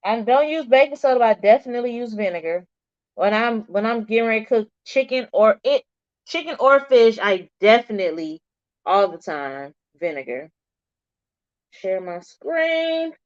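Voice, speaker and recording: A woman's voice: a little high, normal speed, no echo. A middle-aged woman chatting casually with viewers on a livestream and answering their comments. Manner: chatty, animated, talks back to viewers' comments. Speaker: livestream host. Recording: dull, slightly lo-fi stream audio.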